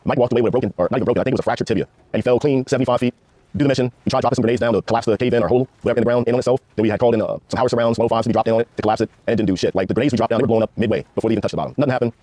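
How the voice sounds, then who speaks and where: Fast-talking man, dark dry voice. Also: medium pitch, no room sound. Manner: rapid, profane, laid-back war storytelling. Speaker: guest, former Army Ranger. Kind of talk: casual storytelling interview.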